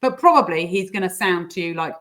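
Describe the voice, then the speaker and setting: A woman explaining coaching techniques in a casual interview, sometimes putting on squeaky voices for examples. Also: lively intonation, fairly quick, fairly bright tone. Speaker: guest coach.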